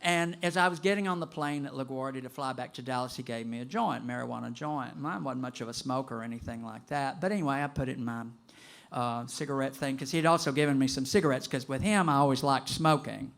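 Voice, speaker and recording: An older man telling a personal story to an audience in an animated, conversational way. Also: medium pitch, quick pace, creaky. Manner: animated and conversational, with vocal sound effects.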